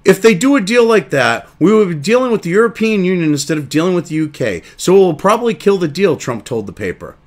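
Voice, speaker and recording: A man's voice: sits high, big pitch swings, quick pace, few pauses. A man hosting a crude, indignant commentary show, reading news excerpts aloud and then ranting about them. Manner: reads article excerpts then reacts.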